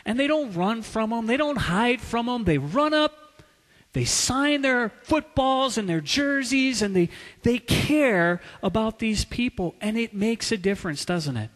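Man, sermon, slow and deliberate, loud preaching and hushed asides, long hall reverb. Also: very high voice, animated. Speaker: pastor.

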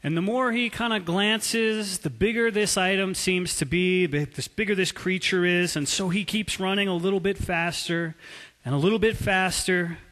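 A man preaching a sermon as a pastor, telling a story with drawn-out emphasis. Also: sits high, fairly even intonation, a bit bright. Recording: long hall reverb.

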